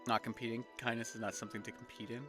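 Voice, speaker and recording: A woman's voice: very deep voice, flat delivery, very fast, music in the background, voice pushed down. A woman voicing a suave male prophet with showy French flair, reading game dialogue aloud with smug theatrics.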